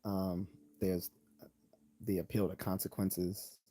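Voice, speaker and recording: A man talks through logical fallacies on a live stream in a deep voice. His tone is mellow and unpolished, full of ums, restarts and read-aloud definitions. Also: little pitch movement, breathy edge. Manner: loose, halting delivery with many ums and restarts; reads out definitions and examples. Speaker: channel host.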